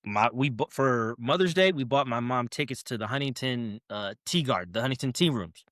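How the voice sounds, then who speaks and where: A man's voice: mid-range voice, brisk, dry recording, studio quality. A young man, a podcast guest, telling a story in casual chat and acting out what people said to him. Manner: animated, acts out quotes in raised voices.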